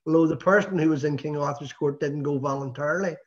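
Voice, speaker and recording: Teasing his guest and asking rambling questions, a man runs a casual interview chat. He speaks quickly in a voice on the high side, and the recording is dull and lo-fi.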